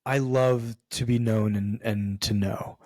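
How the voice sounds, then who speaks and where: A man's voice: fairly low pitch, steady tone, takes it slowly, darkish tone, dry recording. A man as a podcast guest, talking in an earnest, emphatic way with casual swearing. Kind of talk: candid conversational interview.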